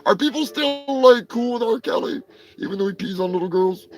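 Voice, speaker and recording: A man hosting a crude comedic news show, rambling profanely and breaking into shouted bits. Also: sits high, lively intonation, a little fast, music in the background, rough recording. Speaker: host.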